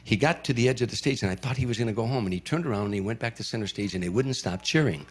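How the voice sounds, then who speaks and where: A middle-aged man telling a story in casual conversation, building the drama and dropping into hushed tones. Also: lowish voice, very fast, breathy edge.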